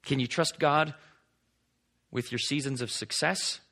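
Husky-voiced male preacher. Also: medium pitch, measured pace. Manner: dynamic preaching, swings from emphatic to hushed. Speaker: pastor. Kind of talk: sermon.

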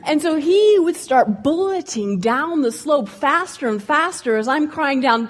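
A woman's voice: high voice, a little slow, few pauses. A woman, a former ski instructor, giving a humorous storytelling speech to an audience in a room and acting out the characters' voices. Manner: lively, comic, acts out voices.

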